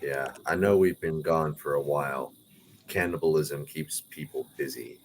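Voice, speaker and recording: A man's voice: a bass voice, normal speed, a little hiss or hum. A man co-hosting a podcast, chiming in with crude wisecracks in casual chat. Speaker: podcast co-host.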